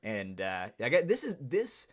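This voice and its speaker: A man's voice: mid-range voice, wildly swooping pitch, measured pace. Laid-back rambling man on a podcast. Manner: rambling, laid-back, says "dude" and "you know". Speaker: podcast co-host. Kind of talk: casual podcast chat.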